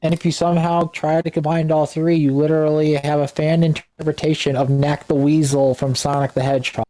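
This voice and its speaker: A man's voice: fairly high pitch, little pitch movement, fairly quick, warm tone, rough recording. A man joining a game stream as co-host, making casual wry jokes. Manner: joking, wry asides. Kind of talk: casual chat.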